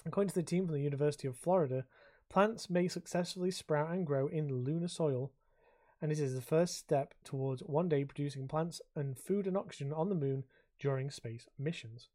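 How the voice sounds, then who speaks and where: A man's voice: on the high side, a little fast, a little mellow. A man, co-hosting a podcast in casual chat, swearing and rambling as he talks. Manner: sweary, rambling, laughs often. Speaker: podcast co-host.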